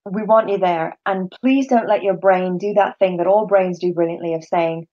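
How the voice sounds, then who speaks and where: A woman leading a course, talking in a casual conversation, animated and quick to act out other people's voices, with frequent restarts. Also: on the low side, highs cut off. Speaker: course leader and speaker.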